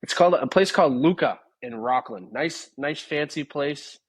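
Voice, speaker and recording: Husky-voiced young firefighter guest. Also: male voice, on the high side, lively intonation, moderate pace, dry recording. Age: young adult. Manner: easygoing, agreeable, filler-heavy. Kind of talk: casual interview chat.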